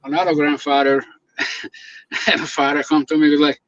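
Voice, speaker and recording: A fairly high-pitched man speaks at normal speed, pausing often, with no echo. The guest videographer tells stories in a relaxed chat, playing out the voices of those he quotes and laughing a lot, in dull, dry lo-fi audio.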